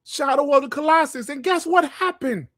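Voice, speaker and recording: A man hosting a gaming podcast livestream, ranting in a heated, profane and animated way. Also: extremely high pitch, moderate pace, no echo, clean studio sound. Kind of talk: livestream commentary rant.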